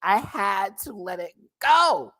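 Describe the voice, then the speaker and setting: Sassy, animated man reviewing drag. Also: sits high, slow. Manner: laughs often, playfully exaggerated. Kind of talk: casual livestream review.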